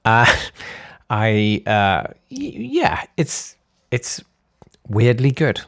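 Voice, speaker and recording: Rambling comedy podcast host. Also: male voice, lowish voice, wildly swooping pitch, vocal fry, dry recording, studio quality. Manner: rambling, self-deprecating, halting with fillers. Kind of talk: casual comic monologue.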